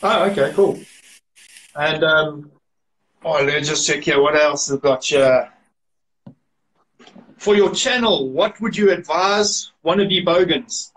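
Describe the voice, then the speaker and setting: A man's voice: fairly high pitch, slow, pauses often, fairly bright tone, rough recording. A man hosting a casual interview and asking easygoing questions. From South Africa. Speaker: interviewer, host.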